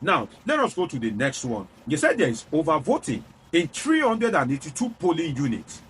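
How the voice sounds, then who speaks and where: Nigerian man giving lively political commentary. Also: a little high, normal speed, a little hiss or hum. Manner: explanatory, repeats key figures for emphasis. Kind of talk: spoken political analysis.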